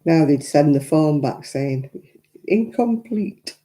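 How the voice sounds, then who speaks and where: A woman's voice: deep voice, lively intonation, measured pace, dark tone. An English woman hosting a casual live-stream crafting chat from home, talking in a chatty, opinionated way with frequent asides. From England. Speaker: crafting channel host.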